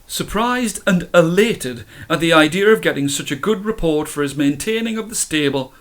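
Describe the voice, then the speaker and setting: A man reading a story aloud in a measured, expressive way. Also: a little high.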